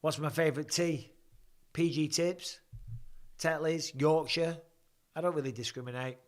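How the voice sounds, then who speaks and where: A man's voice: a little high, fairly even intonation, unhurried. A man in his forties chatting casually through live fight commentary at home, joking and answering viewer questions. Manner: chatty, jokey banter reading viewer questions aloud. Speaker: live stream host.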